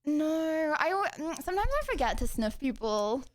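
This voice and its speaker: A woman's voice: high-pitched, lively intonation, moderate pace. A young woman hosting a casual podcast chat, rambling and teasing with frequent giggles.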